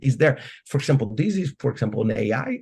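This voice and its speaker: A Brazilian man with a Brazilian accent, Portuguese his first language, speaking on a conference panel with animated, stumbling restarts. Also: mid-range voice, very fast, creaky, breathy edge.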